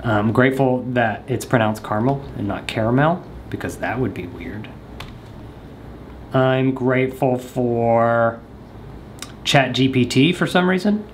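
A man's voice: medium pitch, unhurried, pauses often, a little hiss or hum. Rambling, joking man vlogging at home. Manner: hesitant, many ums, jokey asides. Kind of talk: casual rambling chat. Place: at his house.

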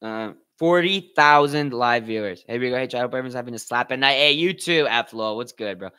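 A young man hosting a live watch party, commentating on slap fights with excitable, profane banter and shoutouts to his chat. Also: mid-range voice, a little fast, clear, resonant tone. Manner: excitable, swears a lot, talks to chat. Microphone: headphones with mic.

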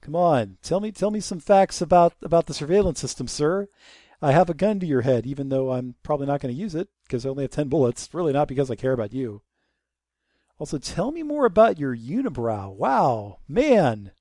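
Young male let's-play voice, sarcastic and lively, slightly high, dry close mic. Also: brisk, no room sound. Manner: joking, sarcastic, drops to a mutter while sneaking. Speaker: gameplay commentator. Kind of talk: casual let's-play commentary.

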